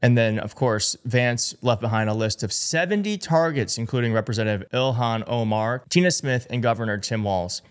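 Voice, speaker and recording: A man's voice: mid-range voice, moderate pace, hardly any pauses, clear, resonant tone. A man giving online political commentary, indignant and emphatic, reading out reports and quotes.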